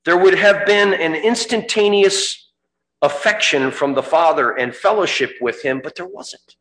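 A man preaching a sermon, dramatic, rising to fervent cries at the high points. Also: a little slow, a bit bright, reverberant.

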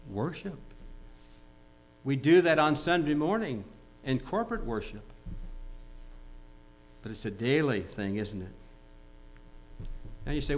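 A man preaching a sermon, telling a joke story with quoted dialogue before moving into emphatic exhortation. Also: mid-range voice. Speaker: pastor.

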